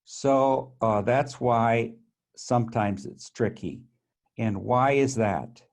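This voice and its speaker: A man's voice: mid-range voice, slow, darkish tone. A man teaching Greek grammar, walking methodically through tables on screen and often restarting his phrases.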